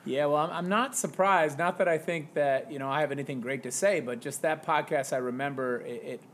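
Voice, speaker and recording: Male guest, teacher, lively self-mocking storyteller, voice a bit higher than most. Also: brisk, a little hiss or hum. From Wisconsin, US. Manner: self-deprecating, animated storyteller. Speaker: podcast guest, high school English teacher. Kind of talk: casual podcast chat, storytelling.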